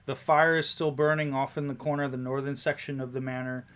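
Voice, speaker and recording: A man's voice: mid-range voice, level tone, quick pace, a bit bright, smooth. A man narrating a tabletop game as game master, describing scenes at an easy pace with small restarts.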